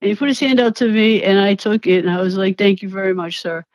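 A woman's voice: mid-range voice, fast, dry recording, dull audio. A young woman, an interview guest, telling a story with lots of laughter, swearing and acted-out quotes. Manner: animated, laughs often, swears, acts out quotes. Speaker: interview guest, former reality show contestant. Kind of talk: casual storytelling.

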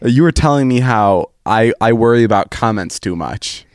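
A man's voice: on the low side, animated, moderate pace, dry recording, clean studio sound. A man hosting a casual podcast chat who asks a lot of questions and laughs often. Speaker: podcast host.

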